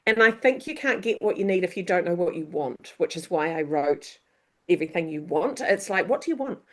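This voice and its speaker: A woman's voice: on the low side, animated, a little fast. A woman, an author and coach being interviewed, talking in an upbeat, emphatic way and acting out little back-and-forth dialogues. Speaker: author and leadership coach, guest. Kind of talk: motivational interview talk.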